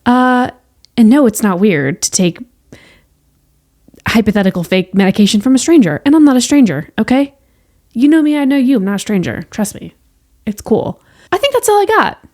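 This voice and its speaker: A woman's voice: fairly high pitch, very animated, moderate pace, long pauses, a little mellow. A woman hosting a casual solo podcast who also cares for patients. She talks in a chatty, playful and reassuring way. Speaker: podcast host; healthcare worker with patients.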